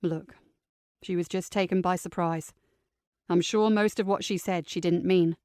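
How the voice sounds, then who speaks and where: A woman voicing a calm, caring aunt, speaking low and gently in an audiobook. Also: measured pace, clear, resonant tone, dry recording, clean studio sound, natural voice. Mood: soothing. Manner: low and soothing. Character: calm, caring aunt comforting her niece.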